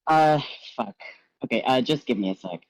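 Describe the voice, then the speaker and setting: Young woman as tabletop game master; deep and very animated delivery, casual, a little profane. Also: moderate pace, no room sound, rough recording. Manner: casual, swears, self-deprecating, animated. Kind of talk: narrating a tabletop role-playing game.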